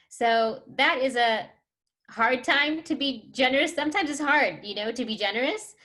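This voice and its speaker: A woman's voice: high-pitched, animated, moderate pace, pushed and bright. Chatty woman leading a parenting workshop. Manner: chatty, many fillers, laughs and acts out scenes. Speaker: workshop presenter.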